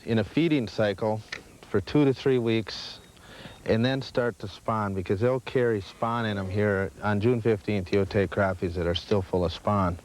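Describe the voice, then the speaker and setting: This local fishing guide chats casually from a boat on a lake, laying out fishing patterns matter-of-factly. His tone is darkish and on the low side, with fairly even intonation and a moderate pace. Light noise runs through the 1980s VHS field audio.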